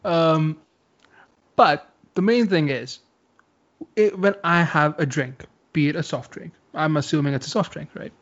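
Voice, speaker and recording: A man's voice: a little high, measured pace, fairly bright tone, highs cut off. A man co-hosting a casual chat, explaining his view at length with lots of fillers. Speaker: podcast co-host.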